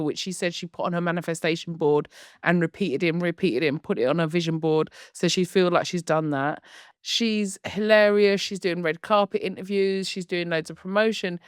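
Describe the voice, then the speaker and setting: A woman co-hosting a podcast, chatting in a gushing, animated way. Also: lowish voice, brisk, clear, resonant tone, no echo, studio quality. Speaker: podcast co-host. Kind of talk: casual chat.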